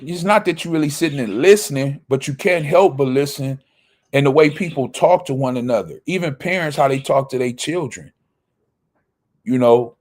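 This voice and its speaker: Male Bible teacher with an average-pitched voice. Slow, measured pace. Reads a verse, then explains it with rhetorical question-and-answer. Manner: asks rhetorical questions and answers them himself.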